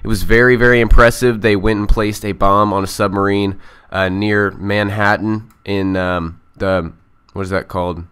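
A man's voice: fairly low pitch, steady tone, moderate pace, a bit bright, clean tone. A young man giving a casual, enthusiastic and rambling recap of game news, often unsure of the details. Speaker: gaming vlogger.

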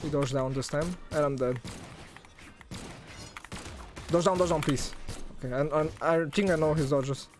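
A young man with a non-native English accent, streaming live gameplay commentary, excitable and swinging between groans and shouts. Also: on the high side, a little fast, a little hiss or hum.

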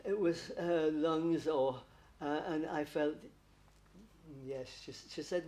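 A man's voice: fairly high pitch, steady tone, slow, darkish tone. A man working as a medium at a spiritualist church service, chatty and affectionate, laughing often and calling listeners darling. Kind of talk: spiritualist church platform reading.

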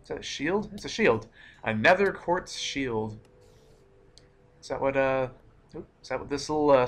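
A young man giving live commentary while playing a game, excitable, cursing often and breaking into startled outbursts. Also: mid-range voice. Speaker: let's play gamer.

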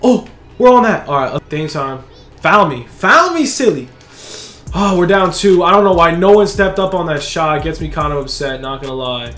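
A young man who hosts a gaming channel, giving live commentary on his own game. He shouts and cheers at big plays, then talks calmly. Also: a little high, moderate pace. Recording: echoey room.

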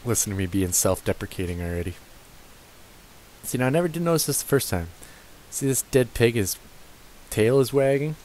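A man's voice: medium pitch, expressive, fairly quick, pauses often, a little mellow, slight background noise, low-quality recording. A young man casually commentating his gameplay, cursing and joking at the characters on screen. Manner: profane, joking, talks to the game characters. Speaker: let's play gamer. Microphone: gaming headset.

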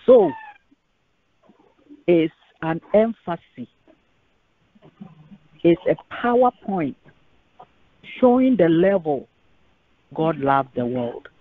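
Slow emphatic woman preaching by phone. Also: lowish voice, expressive. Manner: slow, emphatic, repeats key phrases. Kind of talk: sermon on a conference call. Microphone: phone on a conference line. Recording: tinny phone line.

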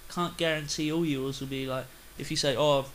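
A young Australian man rambling through casual game commentary, chatty, with sudden loud excited outbursts. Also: fairly high pitch, fairly quick, a little hiss or hum, low-quality recording. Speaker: gaming video host.

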